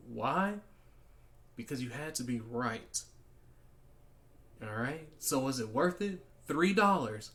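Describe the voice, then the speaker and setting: A podcast host with a middle-pitched voice gives life advice in a relaxed, conversational monologue. He often restarts sentences and slips into quick acted-out exchanges to make his point.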